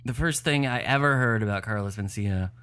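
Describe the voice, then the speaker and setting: Laid-back lower-voiced man telling stories. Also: brisk, a bit bright, smooth. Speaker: comedy insider guest. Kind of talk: casual podcast chat.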